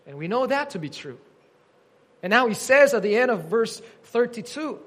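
A man's voice: high voice, normal speed, fairly bright tone. A man preaching an earnest teaching sermon, quoting scripture with emphasis.

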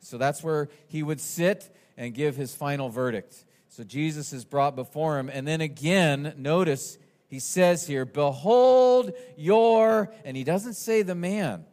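A man delivers a sermon to his congregation, his voice sitting a little high for a man. He preaches with lively, animated energy, dropping to quiet asides and then rising to near-shouts when he acts out the crowd. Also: measured pace. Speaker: pastor. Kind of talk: expository sermon.

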